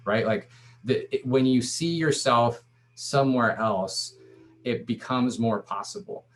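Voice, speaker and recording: A man's voice: mid-range voice, a little slow. A man and startup founder, talking to an audience in a loose, conversational way full of restarts and fillers. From Latino background. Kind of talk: casual talk to an audience.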